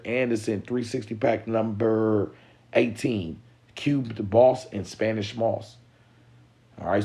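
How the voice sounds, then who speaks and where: A man's voice: lowish voice, dark tone. A man hosting a live stream, talking in a casual, profane, emphatic way, full of street slang and repeated catchphrases. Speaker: livestream host.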